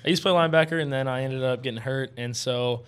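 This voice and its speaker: A young man, a college athlete guest on a podcast, talking in an easygoing way, laughing often and pausing on fillers. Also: medium pitch, fairly bright tone, clear, resonant tone. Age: young adult. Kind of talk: casual interview chat. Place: studio.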